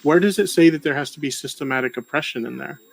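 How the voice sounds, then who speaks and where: A man's voice: on the high side, vocal fry. A man co-hosting a stream debate who insists on reading out a definition and repeats himself to hold the floor. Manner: insistent, reads a text out deliberately and repeats himself.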